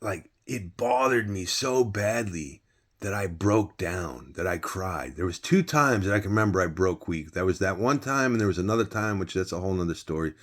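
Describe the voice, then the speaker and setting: A man's voice: low voice, expressive, moderate pace, fairly bright tone. A man casually telling a personal story, rambling with many restarts and some swearing.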